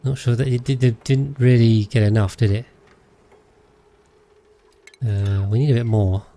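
A man's voice: mid-range voice, flat delivery, measured pace, mellow. A man chatting casually on a livestream while playing a game, rambling with frequent hesitations and self-corrections. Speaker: game streamer.

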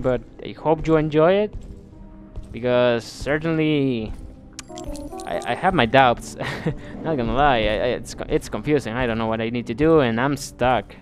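Soft music plays in the background as this man, a gameplay commentator, talks through a video game at a moderate pace in a mid-range voice. It's let's play commentary, bemused and thought out loud, with sentences he often starts over.

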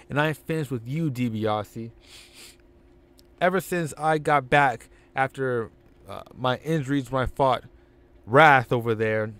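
Brief: man as a brash, fed-up pro wrestler, loud and slangy. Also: mid-range voice, close to an everyday voice.

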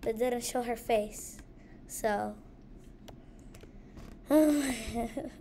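A woman's voice: fairly high pitch, slow pace, dark tone, a little hiss or hum. A woman giving let's play commentary, jumpy and easily scared, gasping and muttering to herself as she plays. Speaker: gamer.

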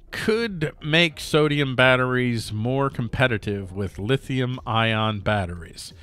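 A man's voice: medium pitch, pushed and bright, no echo. A man hosting a news commentary show, rambling and jokey with many restarts. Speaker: host.

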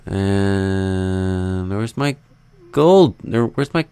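Deep, warm and expressive, this young man's voice moves extremely slowly, captured cleanly in a dry recording. He's a Minecraft let's play host rambling through commentary on his own gameplay, joking about himself and talking to viewers while building.

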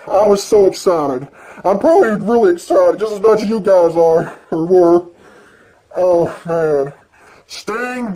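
A man ranting excitedly and profanely in a video reaction, swinging between yelling and mumbling. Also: high voice. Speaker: vlogger.

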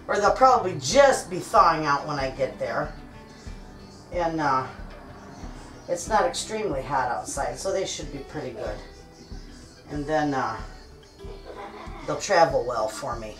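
Home-cooking vlogger: folksy middle-aged woman, lowish voice, loose kitchen chat, mic at a distance. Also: lively intonation, measured pace, pauses often, faint music behind. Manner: folksy, chatty, talks straight to viewers as friends.

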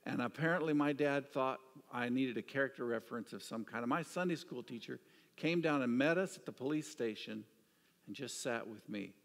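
A man preaching a sermon, telling stories with an animated delivery that drops to hushed, quiet asides. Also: mid-range voice, brisk, vocal fry. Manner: storytelling, swings from animated to hushed. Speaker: pastor. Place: church sanctuary. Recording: church hall reverb.

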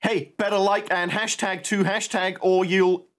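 A man's voice: sits high, flat delivery, measured pace, a bit bright. A man reacting casually to game videos as a YouTuber, playful and laughing often as he reads on-screen dialogue aloud. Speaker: gaming YouTuber.

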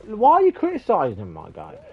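A young man, streaming a game live and loudly teasing a teammate with plenty of swearing and mock outrage. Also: high-pitched, huge pitch swings, a little fast, slightly rough, highs cut off. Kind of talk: live gaming stream banter.

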